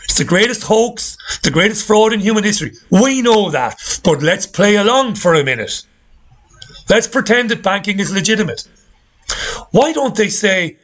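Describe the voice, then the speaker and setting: A man's voice: sits high, sing-song, normal speed, fairly bright tone. A middle-aged man hosting a talk show, ranting with sarcastic indignation. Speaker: host. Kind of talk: ranting commentary.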